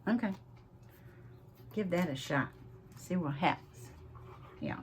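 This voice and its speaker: A woman with a Southern US accent hosts a crafting channel, chatting casually at her home craft desk in a drawn-out, laugh-filled way. Her voice is fairly low and animated. A little hiss or hum sits in the background.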